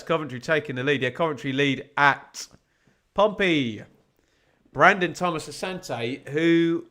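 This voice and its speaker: A man with a fairly high, sharp voice speaks a little slowly while hosting a live football watch-along. Chatty throughout, he reads other games' scores aloud and asks the chat rhetorical questions as part of his live fan commentary.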